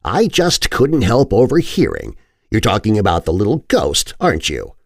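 A man's voice: lowish voice, wildly swooping pitch, normal speed, vocal fry, no echo, clean studio sound, exaggerated voice. A man voicing an older woman servant telling an old story. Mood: reminiscing.

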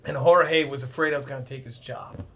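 A man's voice: mid-range voice, fairly quick. A man from the Detroit area, a guest telling stories in a casual way and acting out the people in them. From Detroit area, USA. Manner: animated, acts out the people in his stories. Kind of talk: casual storytelling.

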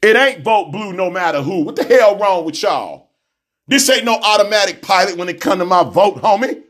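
A man hosting a radio show, delivering a fiery, intense monologue in a preacherly, repetitive way with bursts of shouting. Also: high-pitched, animated, normal speed. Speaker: radio host.

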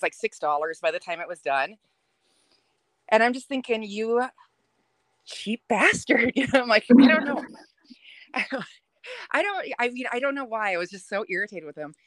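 A young adult woman telling a dating story on a podcast in a chatty, lively way. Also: mid-range voice, fairly quick, no room sound. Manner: chatty, animated, laughs while telling. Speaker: podcast guest. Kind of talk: casual storytelling.

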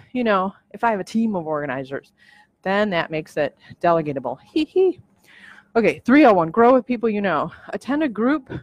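A woman's voice: medium pitch, dry recording. A woman hosting her own podcast, talking through a list in a casual, emotional, rambling way with lots of restarts. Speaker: podcast host. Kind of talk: casual vlog monologue. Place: at home on a treadmill.

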